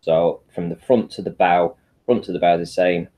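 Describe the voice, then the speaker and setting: A man's voice: low-pitched, moderate pace, highs cut off. A man explaining a point step by step in a casual chat, with restarts.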